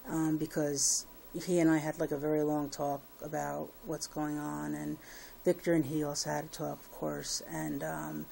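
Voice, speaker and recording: A woman's voice: low-pitched, flat delivery, normal speed, vocal fry, dark tone, a little hiss or hum. A woman giving a casual personal update to her viewers, rambling with many fillers and restarts. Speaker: vlogger.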